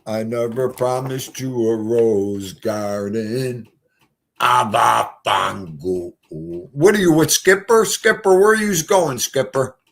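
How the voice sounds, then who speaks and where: A man's voice: medium pitch, lively intonation, slow pace, fairly bright tone. A man hosting a casual livestream chat, rambling and emotional as he talks to his guests and the chat. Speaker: livestream host.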